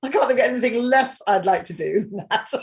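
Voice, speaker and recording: A woman's voice: a little high, fast talker. Giggly woman hosting. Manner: giggly, expressive. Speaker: host. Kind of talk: casual interview chat.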